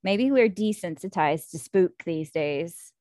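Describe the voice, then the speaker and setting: An American woman hosting a casual book-club chat, talking in a chatty, animated way with lots of fillers. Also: fairly low pitch, measured pace, no echo, studio quality.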